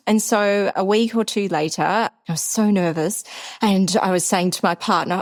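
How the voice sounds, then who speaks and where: A woman in her forties with an Australian accent, co-hosting a podcast and telling a story in lively casual chat, acting out the voices she quotes. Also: mid-range voice, normal speed. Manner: animated, acts out quoted voices. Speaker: podcast co-host.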